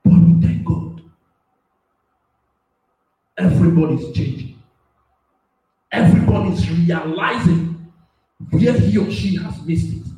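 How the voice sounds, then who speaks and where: A high-voiced man preaching with sudden shouted peaks and soft, laughing asides. He sounds set back from the microphone in a very echoey space. A faint bed of music plays under him. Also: slow pace, pauses often, far from the mic. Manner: swings between loud shouting and soft asides, laughs often. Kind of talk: sermon. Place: radio platform.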